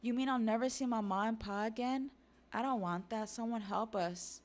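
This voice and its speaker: A woman's voice: on the high side, normal speed, pitched above the performer's own voice, natural voice. A woman voicing frightened children begging to see their parents again. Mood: scared. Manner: pleading, scared. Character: frightened giant children, young.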